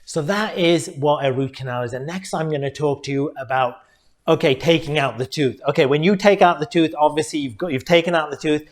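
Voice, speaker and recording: A middle-aged man with a slightly higher voice, speaking as a dentist explaining things to his viewers. He talks earnestly and directly, often calling his audience folks. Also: fairly quick. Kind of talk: educational talk to viewers.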